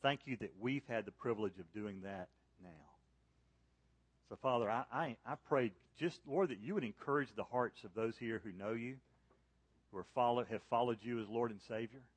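A man's voice: moderate pace, breathy edge, dry recording. Emphatic man preaching, dry sound. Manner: emphatic, climbing loud and high on key points, dropping soft in prayer. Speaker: pastor. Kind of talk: sermon. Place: church service.

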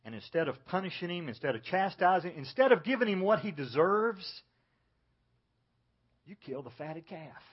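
A pastor preaching an earnest sermon, dropping low and soft to stress his points. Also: sing-song, moderate pace, breathy edge, lo-fi sound.

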